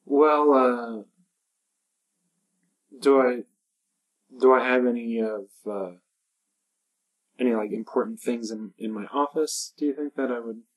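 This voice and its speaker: A woman taking part as a player in a tabletop game. Her voice is unusually deep. She thinks aloud in a hesitant way, with many restarts. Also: a little slow, pauses often, poor audio. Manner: thoughtful, hesitant, lots of restarts. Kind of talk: casual tabletop role-play chat.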